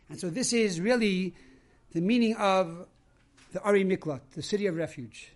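A man's voice: sits high, moderate pace. A man, a rabbi, giving a sermon and telling a story. He explains terms one after another.

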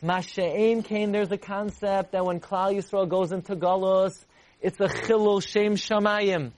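Animated high-voiced man teaching Torah. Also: measured pace, dry recording. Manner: animated, repeats for emphasis, rises high to act out voices. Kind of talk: Torah class lecture.

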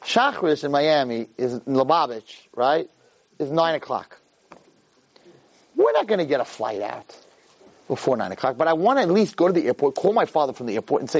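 A man giving a Torah lecture as an animated personal story, acting out the dialogue. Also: brisk, no echo. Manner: animated, acts out dialogue with big swings in pitch.

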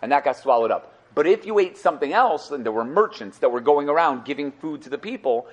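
A man's voice: a little high, animated, fast. A man teaching a Torah class, explaining sources to students with rhetorical questions and repeated phrases. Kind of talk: lively explanatory class talk.

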